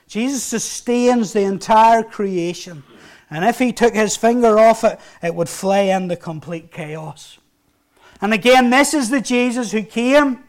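A male pastor delivers a sermon in a notably high voice. He drives his points with rising emphasis, then drops to hushed, slower phrases.

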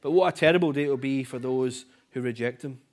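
A man preaching a sermon in an earnest, emphatic way, repeating key phrases and letting line ends fall soft. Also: mid-range voice, quick pace.

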